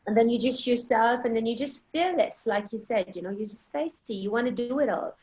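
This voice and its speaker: A woman hosts an interview with a fairly high, light voice. She is giggly and encouraging and reacts quickly to her guest. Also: darkish tone, rough recording. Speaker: host. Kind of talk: casual interview.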